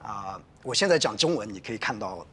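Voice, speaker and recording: A man's voice: lowish voice, expressive, brisk, a bit bright, breathy edge. A man demonstrating a device in casual, upbeat speech with frequent fillers. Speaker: product demonstrator.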